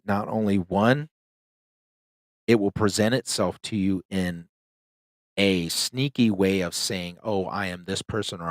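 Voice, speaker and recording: A deep-voiced man tells a ghost story in a loose, rambling way, filling his sentences with "like" and "um." His voice is low, and it sounds dry and close to the microphone, with no room echo. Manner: loose and rambling, heavy use of "like" and "um". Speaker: podcast host telling a ghost story. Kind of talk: casual storytelling.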